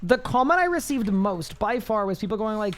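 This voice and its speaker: A man with a high-pitched voice, chatting casually on a live game stream, reading chat aloud and rambling with restarts. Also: very animated, fairly quick.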